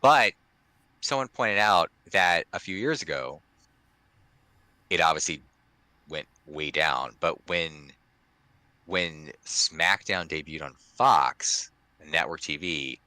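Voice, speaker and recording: Man, very deep voice, bright tone, rambling casual podcast talk, dry close sound. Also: expressive, slow pace, long pauses, dry recording. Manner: rambling, many restarts and fillers. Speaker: podcast co-host. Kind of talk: casual chat.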